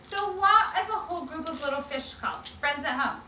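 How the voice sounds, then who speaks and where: A preschool teacher, a woman, leads circle time in an animated, sing-song voice that sits high and bright. She is heard from a distance in an echoey classroom with faint background noise. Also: fairly quick. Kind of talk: circle-time story reading to children.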